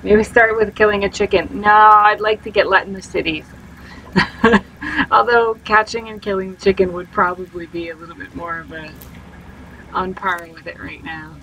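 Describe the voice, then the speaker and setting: A woman's voice: mid-range voice, steady tone, moderate pace, bright, forceful tone, a little hiss or hum, low-quality recording. A woman streaming a game live and chatting to her viewers, self-mocking and full of exclamations. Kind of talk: live gameplay commentary.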